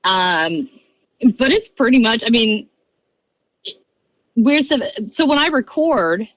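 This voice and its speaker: A woman in her thirties, a podcast guest telling a story in a casual, chatty way, jumping into quick bursts and acting out the voices she quotes. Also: a little high, no echo, rough recording. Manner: animated, acts out voices and quoted lines.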